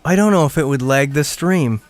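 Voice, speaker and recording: A man's voice: on the high side, fairly quick, faint music behind. A man chatting casually while streaming a game, rambling and restarting his sentences. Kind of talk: casual gameplay commentary.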